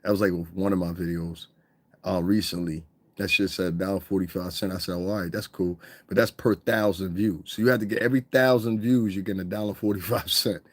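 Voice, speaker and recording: A man hosting a podcast in a casual, animated monologue, swearing and mimicking other people's voices. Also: low voice, a little fast, no echo. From United States. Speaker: podcast host.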